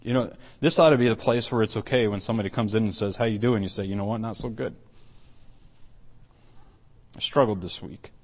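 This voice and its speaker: Low-voiced man preaching a sermon. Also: brisk, long pauses. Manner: conversational, repeats and restarts, rises to emphatic peaks. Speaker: elder preaching.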